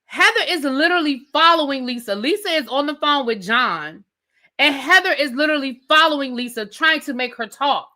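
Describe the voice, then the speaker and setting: A woman with a high, bright voice rants sassily through a reality TV recap. She talks straight to her viewers in a loose, conversational style. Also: lively intonation, a little fast. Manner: sassy, conversational, addresses viewers as y'all. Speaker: TV recap host. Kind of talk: animated reality TV rant.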